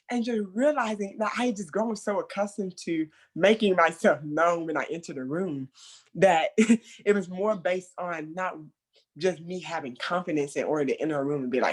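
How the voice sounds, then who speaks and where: Animated mentor trainer. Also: medium pitch, moderate pace. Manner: animated, acts out remembered quotes loudly; conversational, laughs between points. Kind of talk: training session talk.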